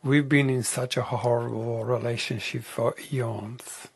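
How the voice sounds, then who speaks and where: Man, interview guest, unhurried and hushed, raspy fry-laden voice, reflective tone. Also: medium pitch, steady tone. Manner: soft-spoken, often dropping into a whisper.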